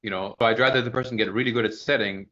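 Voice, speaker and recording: A man in his thirties coaches a trainee on sales, rattling off words quickly in a lowish voice. He acts out the questions he would ask. The audio is dull and lo-fi, like a call recording. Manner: fast, animated, acts out sample questions. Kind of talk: casual coaching feedback.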